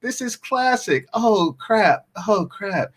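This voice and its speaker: A man's voice: sits high, lively intonation, slow. A man hosting a live stream, reacting to a clip with gleeful, sarcastic commentary.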